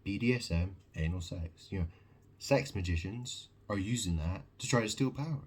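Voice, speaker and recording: A man's voice: low-pitched, normal speed, darkish tone, husky. A man delivering a rambling, agitated monologue to camera, preaching and repeating questions at the listener. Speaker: video monologue host.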